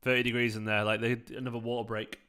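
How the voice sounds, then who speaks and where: A man's voice: medium pitch, little pitch movement, quick pace, pushed and bright, clean tone. A young man hosting a football watchalong, chatting casually and laughing as he answers his live chat. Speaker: fan channel host.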